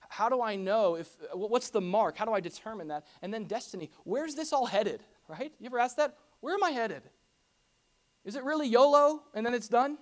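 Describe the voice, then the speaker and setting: A pastor giving a conversational sermon to a congregation, animated and full of rhetorical questions and casual asides. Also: medium pitch. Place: church hall before a congregation.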